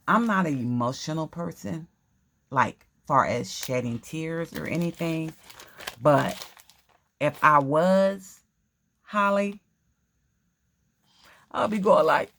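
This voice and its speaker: A woman's voice: low-pitched, big pitch swings, slow, pauses often, fairly bright tone, a little hiss or hum. A woman casually chatting through an unboxing vlog at home, effusive, gasping and repeating her words. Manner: effusive, exclaims and gasps over items, repeats phrases. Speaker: crafting vlogger.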